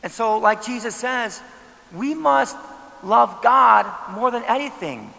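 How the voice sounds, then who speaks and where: A man preaching a sermon as pastor, with a high, bright, gravelly voice. He talks in a conversational way and keeps asking the congregation rhetorical questions. Long church-hall reverb trails behind him. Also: expressive, slow pace.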